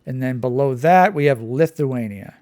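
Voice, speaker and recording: A man's voice: mid-range voice, animated, moderate pace, darkish tone, no room sound. A man giving casual, digressive commentary while playing a map quiz, thinking aloud as he goes. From Canada. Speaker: quiz channel host.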